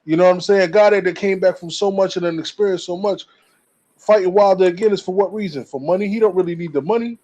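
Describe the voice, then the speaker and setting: A man's voice: sits high, quick pace, a little mellow. Hesitant man calling in on boxing. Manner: hesitant, fillers, repeats himself. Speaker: caller giving boxing take. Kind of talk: casual debate chat. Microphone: remote call.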